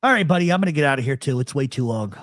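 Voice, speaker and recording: Man, talk show host, casual storytelling, animated, dry close sound. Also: mid-range voice, very fast, no room sound. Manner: animated storyteller, acts out quoted voices. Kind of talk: casual live chat storytelling.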